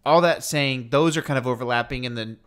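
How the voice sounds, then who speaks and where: Smooth-voiced man in casual chat. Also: mid-range voice, fairly quick. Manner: rambling, jokey, animated storytelling. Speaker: podcast co-host.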